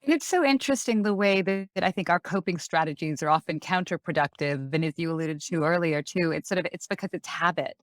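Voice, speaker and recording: A woman's voice: on the low side, quick pace, few pauses, dry recording, clean studio sound. A woman psychiatrist guest explaining ideas in a thoughtful, conversational way, with frequent fillers. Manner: thoughtful, with many fillers such as "sort of" and "like".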